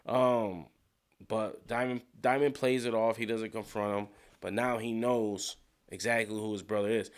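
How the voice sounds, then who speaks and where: A man casually recapping a TV episode, animated and slangy, with frequent swearing and acted-out character lines. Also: lowish voice, measured pace. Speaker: TV show recap commentator.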